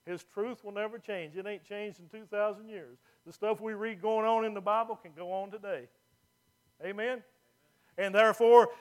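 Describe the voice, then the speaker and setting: A man preaching a sermon as pastor, folksy and plain-spoken, moving from quiet asides to loud emphatic points. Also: high voice.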